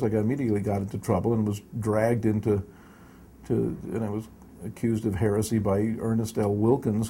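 A man's voice: medium pitch, mellow, breathy edge. An older man recounting personal memories as an interview guest, chuckling often and restarting his sentences. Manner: chuckling storyteller with many restarts.

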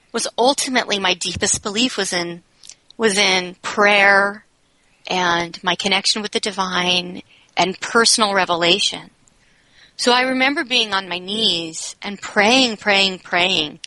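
A woman's voice: medium pitch, bright, forceful tone, dry recording, low-quality recording. A woman speaking as an interview guest, telling a personal story in a candid, reflective way and often saying "you know.".

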